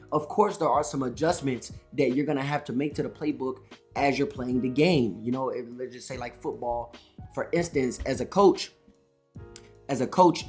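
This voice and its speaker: A day trading YouTuber with a mid-pitched voice gives casual trading advice straight to camera over faint background music. Amped up on coffee, he's energetic and rambling, correcting himself and repeatedly saying "all right" and "you know."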